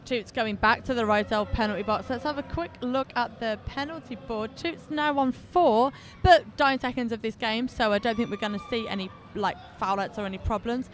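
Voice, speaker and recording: A woman's voice: fairly high pitch, moderate pace, few pauses. A woman commenting live on a roller derby game, chatty, giggly and self-mocking. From England.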